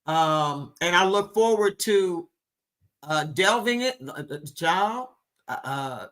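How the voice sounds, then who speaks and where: Slow, bright-voiced woman talk-show host. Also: mid-range voice. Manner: affectionate, calls listeners baby and honey; emphatic, drawn-out delivery. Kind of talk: live talk show, reading chat.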